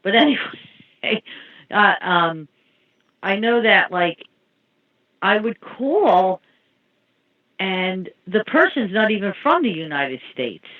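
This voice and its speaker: A woman's voice: mid-range voice, very animated, takes it slowly, pauses often. A woman telling rambling anecdotes in casual chat. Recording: tinny phone-like line.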